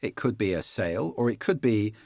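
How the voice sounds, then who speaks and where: A man's voice: fairly quick, creaky, no echo, studio quality. A man teaching a spoken lesson as a voice coach, often shifting his voice to demonstrate. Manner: demonstrates pitch shifts, animated.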